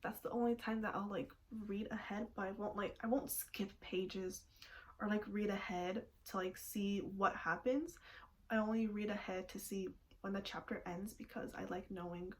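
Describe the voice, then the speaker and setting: A woman's voice: medium pitch, fairly even intonation, moderate pace, a little hiss or hum. A young woman chatting casually at home about her reading habits, giggling often and filling her sentences with "like". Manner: chatty, giggly, many "like" fillers. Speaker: booktuber. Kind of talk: casual chat.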